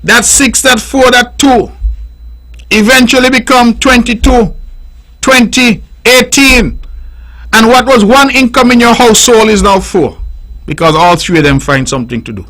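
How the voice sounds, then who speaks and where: A man's voice: very high-pitched, normal speed, bright, forceful tone, low-quality recording. A middle-aged man with a Nevisian accent, hosting radio call-in commentary in an emphatic, repetitive, preaching way on a studio microphone. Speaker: radio talk show host.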